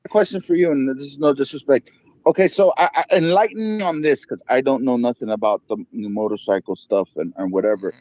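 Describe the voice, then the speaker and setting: A man's voice: medium pitch, brisk, a little mellow, dry recording. A man in a played clip asking polite, curious questions. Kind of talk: casual chat. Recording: dull, distant, dry clip.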